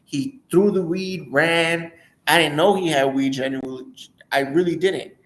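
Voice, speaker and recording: A man's voice: a little high, a little slow, roomy sound. A young man candidly telling a rambling personal story, restarting and acting out quoted voices.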